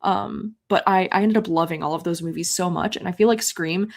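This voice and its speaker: A young woman hosting a live readathon stream, reading chat messages aloud and chatting casually and excitably, with many filler words. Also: on the low side, a little fast, vocal fry.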